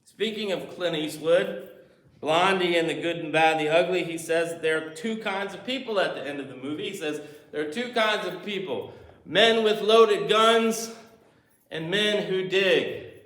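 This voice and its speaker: A man's voice: a little high, normal speed, fairly bright tone. Man preaching in an echoey church. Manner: storytelling, acting out movie scenes. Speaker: pastor. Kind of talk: sermon. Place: church sanctuary.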